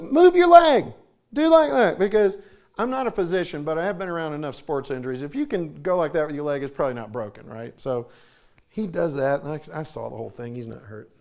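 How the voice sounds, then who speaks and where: A middle-aged man with a drawl delivers a sermon in a church. His voice sits a little high for a man, and he talks in a folksy way, slipping into voices for his stories. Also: fast talker, gravelly, darkish tone. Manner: folksy, acts out voices in anecdotes. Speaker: conference speaker. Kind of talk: sermon with storytelling. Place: church sanctuary.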